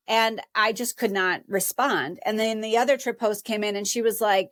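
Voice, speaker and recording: A woman's voice: a little high, normal speed, hardly any pauses, a bit bright, dry recording. A woman guest on a podcast telling a personal story in an earnest, emotional way and voicing her own past thoughts. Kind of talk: conversational interview storytelling.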